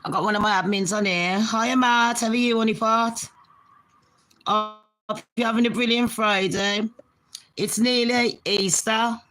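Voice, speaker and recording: Fast-talking, sweary British woman. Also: on the high side, fairly even intonation, fairly bright tone, low-quality recording. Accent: British English. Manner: fast, sweary, chatty, addresses viewers as babes. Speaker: live-stream host. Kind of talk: casual live-stream chat. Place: her bedroom.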